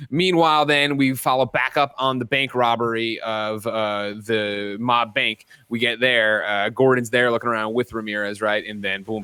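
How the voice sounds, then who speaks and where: A man hosts a casual podcast and rambles through a movie recap, tossing in jokey asides. His voice is bright and forward, and the sound is dry and close. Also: lowish voice, clean tone, dry recording. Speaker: podcast host. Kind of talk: casual movie review chat.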